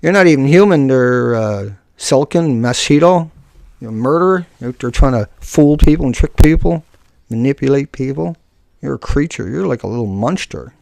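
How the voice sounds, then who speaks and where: A man's voice: medium pitch, lively intonation, normal speed, gravelly, darkish tone, dry recording, studio quality. A man on a live stream who answers chat and taunts a commenter in a combative, scornful way. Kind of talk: unscripted live stream rant.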